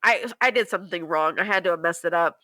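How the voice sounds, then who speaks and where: Bright, animated young woman telling a story. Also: fast talker, no room sound. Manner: animated, laughing, swearing, acting out quotes in high voices. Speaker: podcast co-host. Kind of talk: casual storytelling chat.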